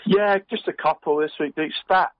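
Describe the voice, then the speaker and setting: This slightly high voice belongs to a middle-aged podcast co-host from Cornwall, speaking at normal speed with no room sound. It's a chatty, casual conversation on dull, dry podcast audio, and "mate" turns up almost constantly.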